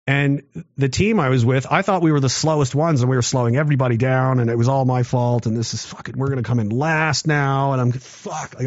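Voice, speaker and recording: With a fairly high-pitched voice and a dull, lo-fi, dry recording, a thirtysomething man rambles through a war story. He swears casually, pokes fun at himself and reads comments from the chat.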